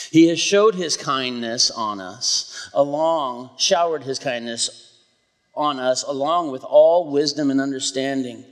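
Slow, soft-spoken man preaching in a church hall. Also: mid-range voice. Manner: soft-spoken, halting, with many fillers and restarts. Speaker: pastor's son filling in as preacher. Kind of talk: church sermon with prayer and scripture reading. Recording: live church recording with long hall reverb.

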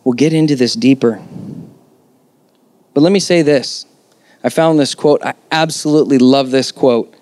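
A man's voice: medium pitch, normal speed, long pauses, a little mellow, dry recording. A man preaching a sermon as pastor, conversational yet emphatic, with rhetorical questions.

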